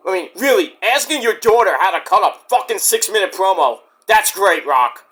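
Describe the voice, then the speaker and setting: A man's voice: high voice, lively intonation, moderate pace, few pauses, fairly bright tone. A man reviewing a wrestling show in a casual solo rant, sarcastic and profane, mocking the wrestlers. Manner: sarcastic, profane, mocks wrestlers in put-on voices.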